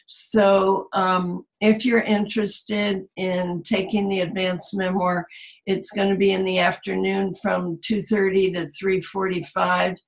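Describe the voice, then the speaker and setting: A middle-aged woman teaching a memoir seminar over a video call from home, talking in a halting way with many fillers. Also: medium pitch, vocal fry, rough recording. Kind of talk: online video call presentation. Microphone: computer mic on a video call.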